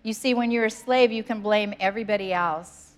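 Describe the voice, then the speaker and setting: Speaking a little fast in a mid-range voice, a woman pastor reads scripture aloud during a sermon in a church sanctuary. Her delivery is conversational and earnest.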